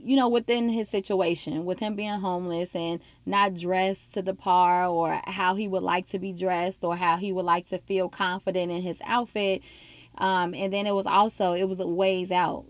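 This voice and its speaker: A woman tells a personal faith story in an earnest, heartfelt way, at times close to tears. Her voice sits at a middle pitch. It is recorded dry and close, with no room sound. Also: no echo. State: emotional, near tears.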